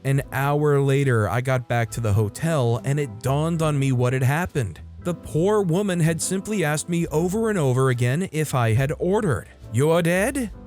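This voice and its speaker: A man's voice: mid-range voice, animated, normal speed, hardly any pauses, a little mellow, soft background music. A man casually narrating online stories and adding chatty asides of his own. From United States. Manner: conversational, chatty asides between read passages.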